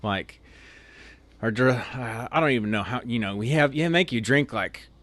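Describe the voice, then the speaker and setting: A man's voice: medium pitch, normal speed, a bit bright, dry recording. Rambling man telling casual stories. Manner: rambling, heavy use of "like" and "you know". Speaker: storyteller guest. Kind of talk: casual anecdotal storytelling.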